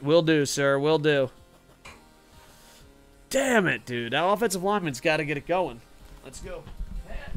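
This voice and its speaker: A man's voice: a little high, bright, forceful tone. Rowdy profane man streaming a football game. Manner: rowdy and profane, chatting with viewers. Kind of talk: casual live-stream gaming commentary. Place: home streaming room in Japan.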